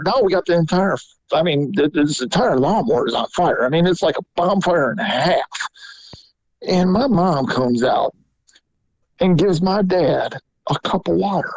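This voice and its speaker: A man hosting a podcast, telling a story in a loose, rambling, animated way. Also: fairly high pitch, moderate pace, no echo, poor audio. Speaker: podcast host. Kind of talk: casual storytelling.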